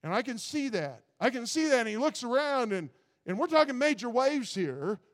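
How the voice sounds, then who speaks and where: A man's voice: extremely high pitch, sing-song, normal speed, big-room sound. A man preaching a sermon in a folksy, earnest way, often stumbling and repeating words.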